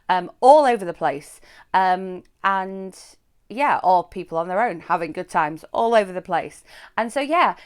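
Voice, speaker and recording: A woman's voice: mid-range voice, smooth. A woman giving a casual, chatty film review, rambling with frequent fillers.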